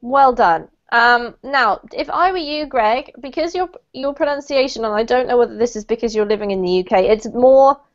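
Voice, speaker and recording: A woman teaching English pronunciation to a group over a video call, clear, deliberate and encouraging. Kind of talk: online group pronunciation lesson. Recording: muffled low-fidelity video call audio.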